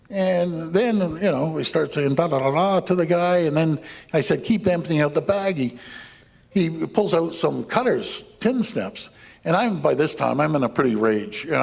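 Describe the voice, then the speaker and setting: A politician telling an animated anecdote at an event, laughing as he goes. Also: on the high side, normal speed, creaky, breathy edge. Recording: echoey hall, heard from a distance.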